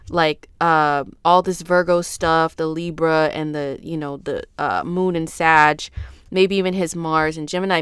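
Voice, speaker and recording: A woman's voice: on the low side, clean tone, dry recording, clean studio sound. A woman hosting her own astrology channel who has just woken up, talking casually on camera. She rambles loosely and uses a lot of slang. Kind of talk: casual unscripted vlog talk.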